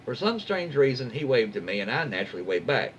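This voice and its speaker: A man narrates internet stories in an easygoing, chatty way, his pitch rising and dipping with a lively swing. He keeps cutting in with folksy, wry remarks and jokes he censors himself, while a faint hum sits behind him. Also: fast talker, dull audio. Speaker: YouTube host reading Reddit stories. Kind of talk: casual story reading with commentary.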